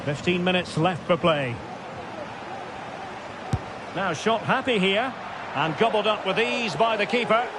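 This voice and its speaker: A man giving scripted football commentary in a video game, brisk short calls that rise at big chances. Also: sits high, animated. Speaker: play-by-play commentator. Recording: loud game crowd noise behind.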